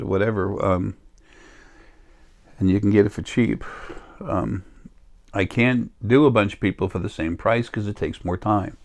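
A man in a rambling, self-interrupting casual monologue as a spiritual healer, recorded on a laptop or phone. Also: lowish voice.

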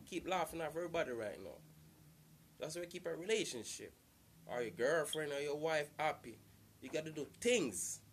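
Man, casual advice vlogger, loose and repetitive, pitch a touch high. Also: slight background noise. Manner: repetitive, loose and earnest, circling back to the same points. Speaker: vlogger giving relationship advice.

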